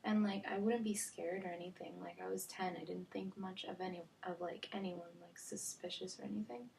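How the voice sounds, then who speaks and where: This vlogger, a young woman, has a lowish, slightly mellow voice with vocal fry, fairly even intonation and a brisk pace. She tells her storytime chattily, full of "like" fillers and frequent near-whispers, over faint background noise.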